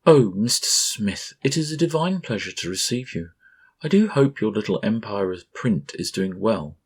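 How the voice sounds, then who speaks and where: A man's voice: lowish voice, expressive, moderate pace, husky, voice pushed up. A man voicing an imperious ten-year-old princess in a storybook reading, speaking in a mock-gracious, regal and precise way.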